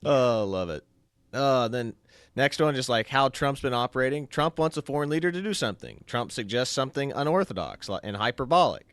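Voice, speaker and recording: Smooth-voiced man reading out posts. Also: medium pitch, animated, brisk, a bit bright, dry recording. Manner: walks through posts on screen, casual. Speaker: co-host. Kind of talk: casual political chat.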